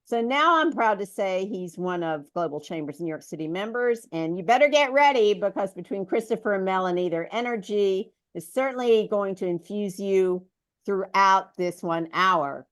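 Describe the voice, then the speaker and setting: A woman's voice: medium pitch, animated, moderate pace, clean tone, no echo. Organizer woman hyping up the host, dry close sound. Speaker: event organizer introducing the host. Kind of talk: live webinar introduction.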